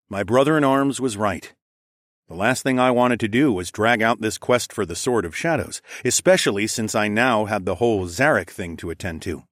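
A man narrating a first-person fantasy story in a steady, descriptive storytelling voice. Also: on the low side, moderate pace, dry recording, studio quality. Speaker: audiobook narrator.

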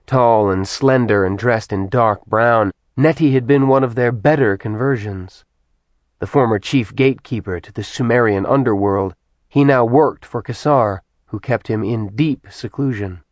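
Male audiobook narrator, measured delivery, slow pace, dry close sound. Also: mid-range voice, no room sound. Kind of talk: scripted narration.

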